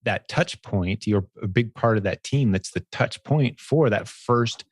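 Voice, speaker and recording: A man's voice: on the low side, measured pace, no echo, clean studio sound. A man hosting an interview, upbeat and affirming as he asks about stories from the business he founded. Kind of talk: conversational interview.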